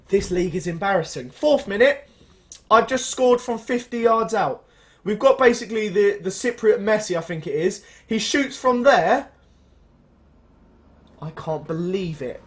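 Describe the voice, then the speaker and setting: A young man giving joking, exasperated let's play commentary on a football management game, with sudden excited jumps in his voice. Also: high-pitched, moderate pace. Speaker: gaming channel host.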